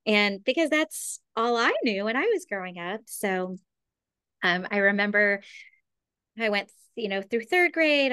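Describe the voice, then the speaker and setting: Middle-aged woman, conversational storyteller, slightly low voice, dry close sound, animated when quoting people. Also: no room sound. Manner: animated, acts out quoted voices. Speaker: educator guest.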